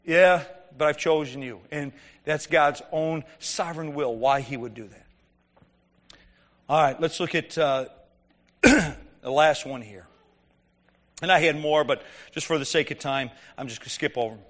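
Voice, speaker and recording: A man's voice: a little high, a little slow, long pauses, a bit bright, in a large hall. A man preaching a conversational sermon, telling stories and asking the congregation rhetorical questions.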